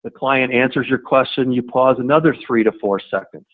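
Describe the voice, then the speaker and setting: A man's voice: medium pitch, brisk. Man presenting a webinar over a tinny phone line. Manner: conversational, repeats words and restarts, models short replies. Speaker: sales trainer. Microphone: webinar audio line.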